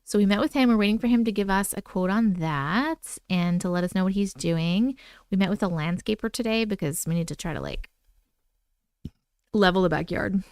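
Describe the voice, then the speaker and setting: A woman's voice: mid-range voice, normal speed, a little mellow, clean tone, no echo, clean studio sound. A woman hosting a live stream from home, chatting casually and bubbling as she reacts to viewers' comments.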